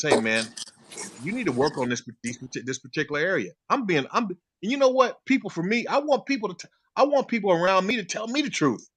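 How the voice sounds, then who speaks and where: Forceful, bright-toned man arguing his point with passion. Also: fairly high pitch. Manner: emphatic, rising to passionate insistence. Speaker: panelist. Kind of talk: barbershop debate.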